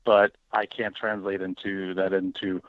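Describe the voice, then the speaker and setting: A man's voice: deep voice, unhurried, no room sound. A man speaking as a guest on an interview show, talking casually and animatedly and often acting out what other people say. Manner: animated, acts out quoted voices. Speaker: guest, paranormal educator. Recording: tinny phone line, dry.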